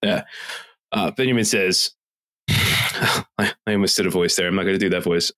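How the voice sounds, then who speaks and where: A man's voice: deep voice, fairly even intonation, normal speed, bright, forceful tone. A man co-hosting a casual podcast, ranting with a lot of swearing and reading reviews aloud. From Philadelphia area. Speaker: podcast co-host.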